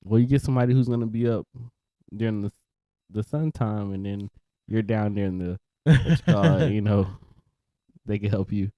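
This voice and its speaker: A man's voice: lowish voice, moderate pace, pauses often, dark tone, dry recording. A young man co-hosting a podcast in a loose casual chat, trailing off, restarting and laughing often. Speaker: podcast co-host.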